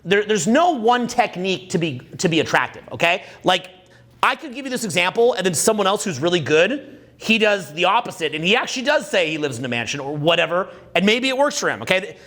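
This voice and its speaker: High-voiced, crude joking seminar man. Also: very animated, a little fast, a bit bright. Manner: crude, joking, quizzes the audience. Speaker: dating coach. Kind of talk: live seminar talk.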